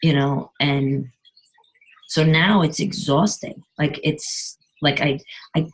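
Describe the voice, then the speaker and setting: A middle-aged woman caller sharing on a video call, speaking haltingly and clearing her throat often, heard over poor call audio. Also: low-pitched. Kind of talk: personal sharing on a group call.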